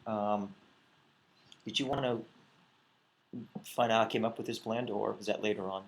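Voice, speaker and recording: A male winemaker talking casually at a wine tasting, relaxed and hesitant, with many pauses and ums. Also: on the low side.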